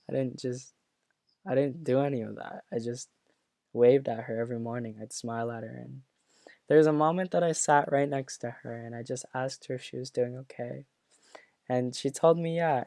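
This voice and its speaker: A young man speaking earnestly and haltingly about a schoolmate, with many fillers and restarts, getting choked up at times. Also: medium pitch, vocal fry, mellow, no room sound. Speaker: former classmate sharing memories. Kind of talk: personal reflective talk.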